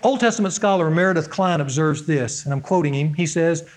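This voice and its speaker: High-voiced emphatic male preacher. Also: fairly quick. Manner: earnest, emphatic, stresses key words. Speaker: pastor. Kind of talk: sermon teaching from an outline.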